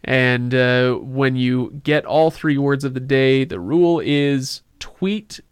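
A man's voice: medium pitch, takes it slowly, smooth, dry recording. A man hosting a casual podcast, talking in a loose, joking way with plenty of filler words. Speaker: podcast host.

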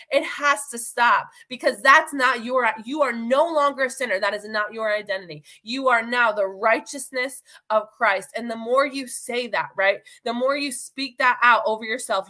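A young woman gives a casual devotional talk, earnest and encouraging as she speaks straight to her listeners. Her voice is bright and forward, pitched a little high, with a lively, heartfelt delivery.

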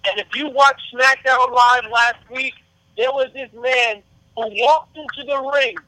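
A man's voice: very high voice, fairly even intonation, a little slow, pushed and bright, dry recording, rough recording. A man hosting a podcast, introducing a guest in an upbeat, emphatic way. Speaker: podcast host. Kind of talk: podcast interview.

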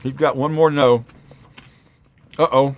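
A man's voice: on the high side, lively intonation, fairly bright tone. A man hosting a casual sports podcast, reading out supporter names while eating spicy food. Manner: chatty, reads patron names aloud quickly. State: mouth full, eating hot peppers. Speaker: podcast host.

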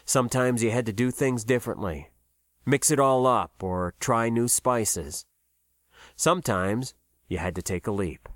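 A man narrating a science fiction story in a measured, expressive way. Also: mid-range voice, no room sound, studio quality. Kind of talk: audiobook narration.

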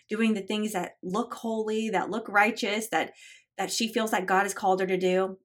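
A woman of middle pitch teaches a Bible study on her podcast, earnest and encouraging. She talks to her listeners like friends, especially moms, and moves from chatty asides into reading passages aloud. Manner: reads scripture and story passages aloud between chatty asides.

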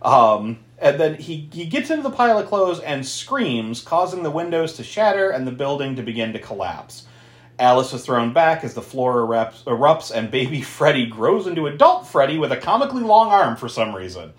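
A man recaps a film for his podcast co-host with lots of energy, swearing and laughing as he goes. His pitch jumps around a lot, and he sounds like he is in a room with some echo. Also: sing-song, normal speed. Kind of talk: casual movie recap.

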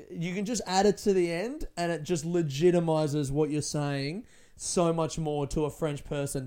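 A man's voice: a little high, darkish tone, clear, resonant tone. A man hosting his own podcast in casual solo chat from a friend's living room, rambling, laughing and swearing freely as he mocks himself. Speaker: podcast host.

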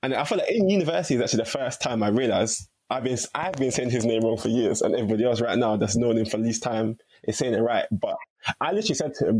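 A young man, a podcast guest telling stories in a relaxed, chatty way. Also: mid-range voice, fast, slightly rough, low-quality recording. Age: young adult. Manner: chatty and relaxed, heavy use of "like". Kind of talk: casual storytelling chat.

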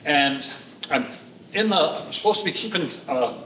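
A man telling a lively personal story on a theater stage, acting out shouts and reactions. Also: fairly high pitch, normal speed, distant mic, slight background noise. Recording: echoey hall from afar.

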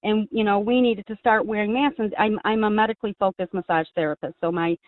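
A woman's voice: mid-range voice, steady tone, fast, no room sound. A woman calling in to a talk show, speaking earnestly and rambling with many restarts. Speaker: caller. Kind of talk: casual call-in chat. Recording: tinny phone line, dry.

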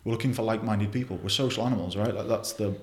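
A man's voice: lowish voice, racing, echoey room. A young man talking bluntly in a casual interview, swearing often and restarting his sentences. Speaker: podcast guest.

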